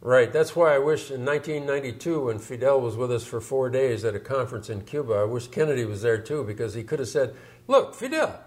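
A man explains history in a vivid, emphatic way and leans on key numbers. His voice sits at a middle pitch. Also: fast talker, few pauses, a little mellow. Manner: emphatic, storytelling. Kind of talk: explanatory discussion.

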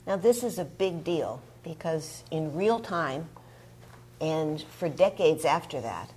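A woman scholar explains her research in a measured, academic way. Her voice is fairly low for a woman. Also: expressive, darkish tone, slight background noise. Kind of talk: explanatory discussion.

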